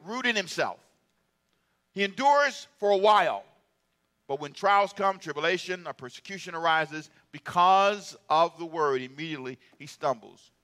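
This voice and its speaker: A male pastor delivers an animated sermon full of humor and call-and-response. His voice sits high and sounds bright and forceful. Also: moderate pace.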